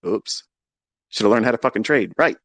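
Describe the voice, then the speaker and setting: A man hosting a live audio space, ranting in a profane, combative, boastful way and swinging between low mutters and shouts. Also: expressive, a little fast, vocal fry, no echo.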